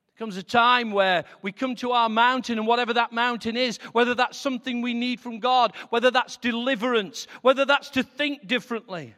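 A male preacher delivers an impassioned sermon in a high, bright voice that swings from hushed prayer to loud declaration. His words ring out with a long reverb, as if in a large hall. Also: fairly even intonation, fairly quick.

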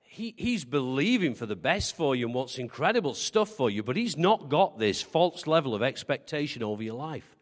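In a long, reverberant hall, a pastor with a mid-range voice preaches a conversational sermon at normal speed, very animated and with few pauses. He tells humorous, self-deprecating stories and asks the congregation questions.

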